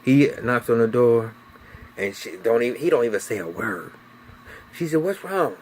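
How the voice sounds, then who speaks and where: A man's voice: medium pitch, normal speed, a little hiss or hum. A man talks through a TV episode recap in a loose, casual way. He swears freely and tells the story with energy, slipping into the characters' lines as he goes. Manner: animated, profane storytelling with voiced quotes. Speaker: TV recap reviewer.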